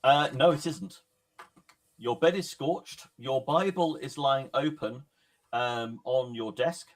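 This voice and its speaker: A man acting as game master who lays out dark scenes slowly and deliberately, leaving pauses between phrases. His voice sits at an ordinary middle pitch. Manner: measured, descriptive, with pauses. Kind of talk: narrating a horror tabletop game.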